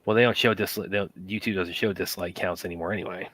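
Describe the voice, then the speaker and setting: Deep-voiced, halting male co-host. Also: steady tone, fairly bright tone, dry recording. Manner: halting, repeats words. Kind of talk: casual stream chat.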